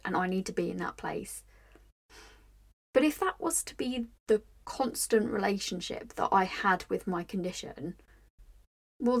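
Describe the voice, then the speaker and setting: A young woman talks on her own podcast in a mid-pitched voice. She speaks openly and with feeling, often saying "like" and restarting her sentences as she works through a thought. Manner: candid, emotional, many "like" fillers and restarts. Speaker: podcast host. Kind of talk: personal reflective monologue.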